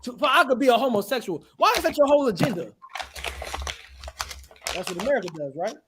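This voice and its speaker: A man preaching with a lively, swooping voice that jumps high and drops low. He fires off rhetorical questions and waits for agreement. His delivery is emphatic and insistent. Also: fast, background noise. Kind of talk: street sermon.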